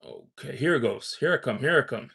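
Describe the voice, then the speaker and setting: A man's voice: on the high side, creaky, a bit bright, husky. A man hosting a casual live stream, telling a story in a rambling way full of "you know" and "um", laughing often and reading out and answering viewer chat. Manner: laughs often while talking.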